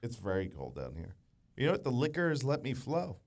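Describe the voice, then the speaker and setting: A man's voice: mid-range voice, wildly swooping pitch, a little fast, darkish tone. A young man co-hosting a comedy podcast, giggling and swearing through the banter. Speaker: podcast co-host. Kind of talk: casual comedy podcast chat.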